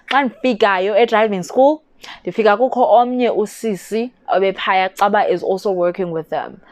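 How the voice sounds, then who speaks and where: South african girl vlogging, fired-up storytelling, mid pitch, super dry close sound. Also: no room sound. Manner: animated, indignant storytelling, fast bursts. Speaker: YouTuber. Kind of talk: casual storytelling vlog.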